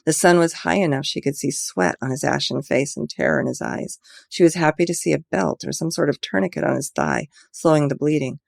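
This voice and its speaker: A woman's voice: deep voice, creaky, darkish tone, no room sound, studio quality. A woman author reading her own mystery novel aloud in an earnest, amateur way.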